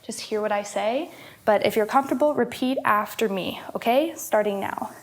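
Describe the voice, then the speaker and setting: A young woman, a health coach, guiding listeners through a calming movement exercise, encouraging, laughing often and exhaling between cues. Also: a little high, normal speed. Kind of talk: guided movement instruction.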